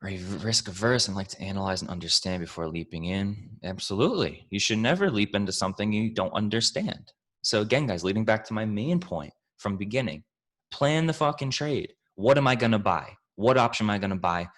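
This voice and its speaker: Pitched fairly low, this man fields questions in a casual Q&A as a trading mentor. His style is fired-up, profane and coach-like, and he addresses listeners as his family and his team.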